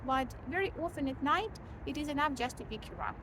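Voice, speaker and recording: A high-voiced woman talks in a tired, sleep-deprived way, chatting candidly to her viewers with plenty of fillers and repeated words. Her home recording carries a clear layer of background noise. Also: lively intonation, moderate pace, hardly any pauses. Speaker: vlogger, mother of a baby. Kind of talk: casual vlog chat.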